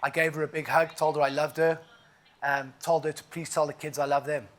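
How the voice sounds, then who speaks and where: A man from South Africa speaks with a clear South African accent in a voice that sits a little high for a man. He tells his own story as an inspirational keynote, in an emphatic, storytelling way full of asides. He sounds about forty. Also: little pitch movement, fairly quick, a bit bright.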